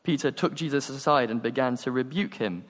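A man preaching a sermon, telling stories and acting out the dialogue with animated energy. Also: medium pitch, a little fast. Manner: animated storytelling, acts out dialogue. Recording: long hall reverb.

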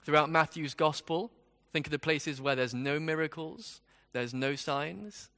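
Bright-voiced male preacher in a reverberant hall. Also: fairly high pitch, measured pace. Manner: expository, conversational, with rhetorical questions. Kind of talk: sermon.

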